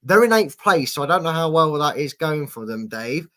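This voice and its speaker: A man's voice: on the high side, expressive, normal speed, bright, forceful tone. A man hosting a casual football prediction show, chatty and teasing as he reads out viewer predictions. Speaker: host.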